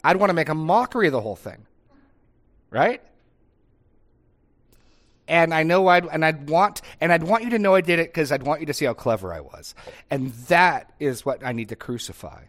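A man's voice: on the high side, expressive, normal speed, long pauses, a bit bright. Middle-aged man in casual discussion. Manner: conversational, frequent tag questions and restarts.

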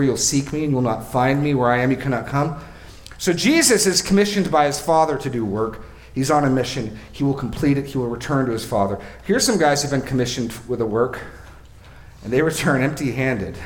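A man's voice: mid-range voice, reverberant. A male pastor preaching an expository sermon. He asks questions of his listeners and repeats phrases for emphasis.

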